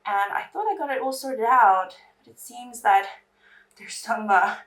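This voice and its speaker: A woman's voice: on the high side, measured pace, a bit bright, far from the mic. A woman from England, chatting in a rambling way while doing her makeup on camera. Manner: chatty, rambling, restarts sentences. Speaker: beauty vlogger.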